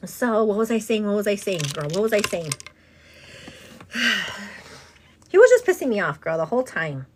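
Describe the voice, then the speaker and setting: A woman's voice: medium pitch, very animated, normal speed, heavy background noise. A woman vlogger telling a long story in casual get-ready-with-me chat. She rambles, keeps calling the listener "girl" and slips in the odd Spanish phrase. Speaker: vlogger and host.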